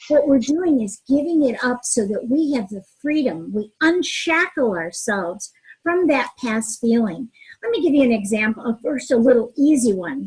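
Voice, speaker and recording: A middle-aged woman with a high, airy, husky voice, speaking earnestly as a mediator and relationship author. She answers interview questions with feeling and tells stories from her own life. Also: low-quality recording. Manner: earnest, expressive storyteller who acts out dialogue. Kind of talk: interview answers with personal anecdotes.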